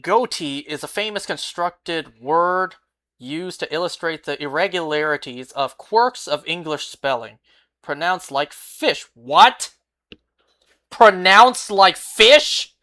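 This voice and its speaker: Laid-back streamer voice, slow unhurried talk, kinda rambly and baffled by chat. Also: medium pitch, a bit bright. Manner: rambling, incredulous reactions to chat. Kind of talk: casual live-stream chat while playing.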